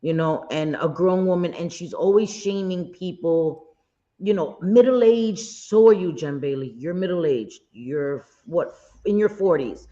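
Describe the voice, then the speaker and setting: A woman's voice: sits low, unhurried, mellow. A woman hosting a livestream, chatting in a blunt, indignant way with occasional swearing. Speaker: livestream host. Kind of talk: casual gossip commentary. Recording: dull lo-fi stream audio.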